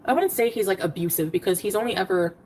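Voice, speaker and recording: A woman on a casual livestream, rapidly recounting a quarrel by reading out her text messages. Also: mid-range voice, darkish tone, a little hiss or hum, rough recording.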